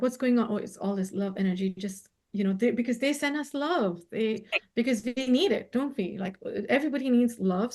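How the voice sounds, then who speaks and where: A woman, a spiritual healer and co-host, talking in a gentle, effusive way and laughing often in a casual heartfelt conversation over a video call. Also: a little high.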